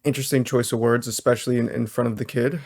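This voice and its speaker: Man, social worker host, measured explanatory commentary, careful hedging, mid-pitched voice. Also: steady tone, a crowd in the background. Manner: measured, explanatory, hedges his statements. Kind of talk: reaction video commentary.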